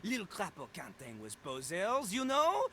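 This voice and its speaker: A cocky French-accented rapping toilet. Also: male voice, high-pitched, wildly swooping pitch, a little slow, pushed and bright, slight background noise, heavily acted. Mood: swaggering. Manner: boastful, speaks of himself in third person. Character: cocky male toilet who raps, pompous French-accented. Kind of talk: video game voice acting.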